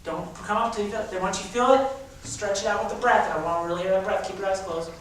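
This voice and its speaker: A man's voice: high-pitched, steady tone, quick pace, a bit bright, a little hiss or hum. A man teaching a drama class, coaching students through an exercise with lots of energy and fillers. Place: school drama room with hardwood floor. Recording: very echoey room, far from the mic.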